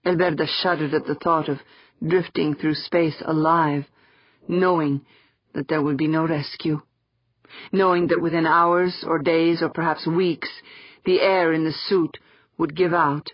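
A narrator reading a science fiction audiobook in a steady, plain storytelling voice. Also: mid-range voice, a little slow, no echo, highs cut off. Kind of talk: scripted narration.

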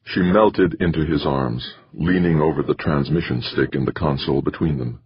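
A man reading an audiobook in measured, expressive scripted narration, on a slightly muffled recording. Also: a bass voice, husky, no echo.

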